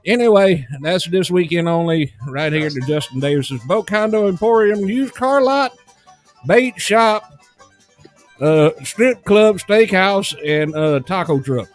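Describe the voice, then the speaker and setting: A brash, profane redneck salesman barks out his deals, as a man puts on the voice in a loud, raised, hard-selling tone. He cusses freely and keeps pushing. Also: high-pitched, lively intonation, a little slow, faint music behind, voice pushed up. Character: brash redneck male boat and car salesman.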